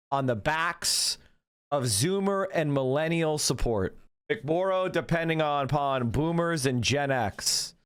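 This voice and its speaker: Animated, sarcastic male streamer. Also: fairly high pitch, smooth. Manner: animated, sarcastic, swears freely. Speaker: political streamer. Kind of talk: live stream commentary.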